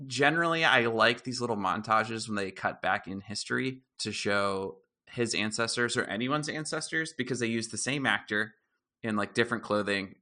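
A male podcast co-host with a medium-pitched voice speaks at normal speed. He chats casually, telling stories in a relaxed way and laughing easily.

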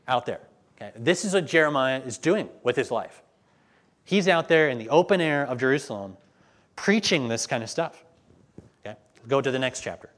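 A man preaching a sermon, reading scripture slowly and with weight, then talking plainly to his listeners. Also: mid-range voice. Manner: reads scripture slowly and emphatically, then talks plainly to the congregation.

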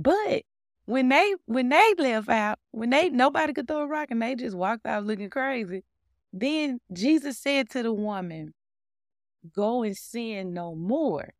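Lively woman preaching casually, gravelly edge. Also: high-pitched, measured pace, long pauses, dry recording, clean studio sound. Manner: animated, conversational, laughing often. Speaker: podcast host. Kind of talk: informal devotional teaching.

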